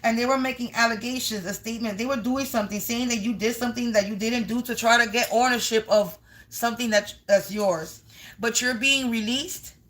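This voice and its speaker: A fairly high-pitched woman streams a live spiritual energy reading. She talks straight to her viewers, swears freely, and circles through strings of near-synonyms as she goes. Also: fairly quick, fairly bright tone. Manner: blunt and profane, rambling lists of words. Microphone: streaming live on camera.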